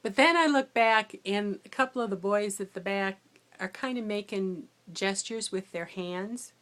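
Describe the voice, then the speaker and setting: Middle-aged woman, tired after no sleep, vlogging a rambling story about substitute teaching in a chatty, mid-pitched voice. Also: unhurried. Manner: chatty, rambling, animated when quoting herself. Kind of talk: casual storytelling vlog.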